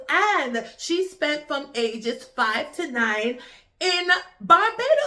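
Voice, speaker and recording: A woman from Jamaica with a Jamaican accent, giving a chatty, animated film review with emphatic repetition. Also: high voice, slow pace. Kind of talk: casual spoken film review.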